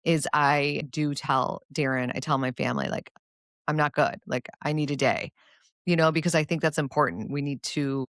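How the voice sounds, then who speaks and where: A woman speaking as a guest in a casual interview. Her voice sits low, and her tone is earnest and encouraging. The recording is dry and close. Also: steady tone, normal speed, no echo. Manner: earnest, encouraging, advice-giving. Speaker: guest, cancer survivor.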